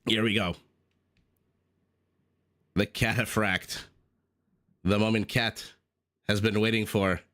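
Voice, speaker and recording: A man's voice: fairly low pitch, flat delivery, takes it slowly, pauses often, fairly bright tone. A man casting a strategy game live on stream, playful and chatty, coughing along the way. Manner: playful, chatty, teasing himself. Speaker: esports caster. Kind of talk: live game commentary and casual stream chat.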